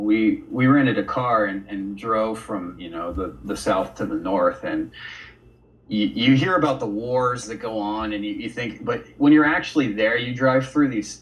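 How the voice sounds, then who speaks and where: A man talking as a guest on a casual podcast, relaxed and storytelling, dropping "dude" and "man.". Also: lowish voice, moderate pace, recorded from a distance, poor audio. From United States. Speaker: guest artist.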